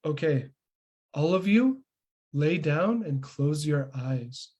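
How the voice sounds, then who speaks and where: A man doing a calm young divine hero. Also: on the high side, slow, slightly rough, lo-fi sound, heavily acted. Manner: calm, gentle commands.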